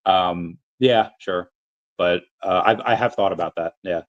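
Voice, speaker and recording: American male stream host, rambling casual delivery, low-ish register. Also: measured pace, lo-fi sound. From United States. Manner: rambling, many restarts and fillers. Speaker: livestream host answering chat. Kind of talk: casual livestream chat.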